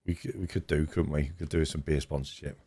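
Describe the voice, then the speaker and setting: Middle-aged podcast co-host, deep voice, lively anecdotal delivery, dry studio mic. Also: male voice, fast talker, husky, no room sound. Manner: animated storyteller, laughs often, many restarts. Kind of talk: casual storytelling chat.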